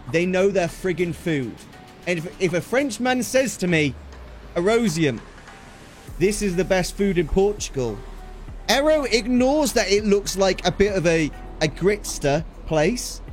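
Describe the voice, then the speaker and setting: A young English man on a livestream, telling a story in an excitable way, swearing casually and acting out the quotes. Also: high-pitched, unhurried, faint music behind. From England. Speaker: streamer.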